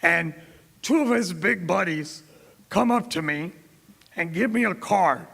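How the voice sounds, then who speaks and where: Gravelly middle-aged man telling stories in a hall. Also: high voice, expressive, a little slow, fairly bright tone. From Tampa, Florida. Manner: anecdotal, quotes others in dialogue. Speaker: keynote speaker. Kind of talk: storytelling speech. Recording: reverberant hall.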